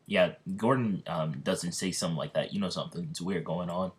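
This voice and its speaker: A man's voice: low-pitched, fairly quick, few pauses, a little hiss or hum. A man casually narrating a fan story in a rambling way, with many restarts. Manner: rambling, full of fillers and restarts.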